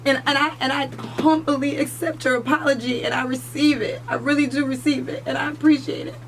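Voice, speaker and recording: A woman's voice: high-pitched, fairly even intonation, brisk, vocal fry, a little hiss or hum, rough recording. A woman from the United States co-hosting a radio morning show, speaking earnestly and emotionally, close to tears at times and repeating herself. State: crying at times.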